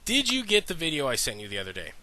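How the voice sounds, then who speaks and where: Bright-voiced male podcast host with a cold. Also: a little high, huge pitch swings, rapid-fire, slight background noise. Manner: rambling, self-interrupting, laughs easily. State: slightly congested from a sinus cold. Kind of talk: casual podcast chat.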